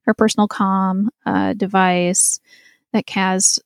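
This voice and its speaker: A woman co-hosts a casual podcast, recapping an episode in a chatty, animated way and laughing often. Her voice sits at an ordinary middle pitch. The recording is dry and close. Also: slow, no echo. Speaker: podcast co-host.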